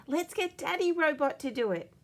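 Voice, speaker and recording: High eager girl pup with an Australian accent, as a woman reads her, bossy, storybook. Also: animated, moderate pace. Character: bossy excitable little girl puppy.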